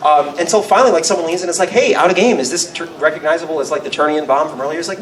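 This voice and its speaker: A man's voice: racing, distant mic, a loud crowd. Guy on a con panel telling a silly larp story, bouncy voice, roomy echo. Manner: animated, laughing, squeaky voice bursts. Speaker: convention panelist. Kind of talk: casual storytelling. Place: convention panel room.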